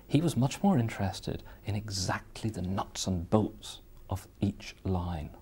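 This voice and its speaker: A man explaining poetry in an interview, in a thoughtful, measured way. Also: on the low side, expressive, warm tone, husky. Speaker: literary scholar.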